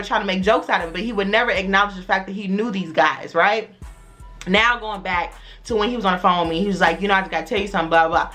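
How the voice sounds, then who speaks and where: A young woman from the Chicago area telling a personal story on her vlog in casual slang, acting out the other people in a lowered voice. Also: fast, fairly bright tone. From Chicago area, USA.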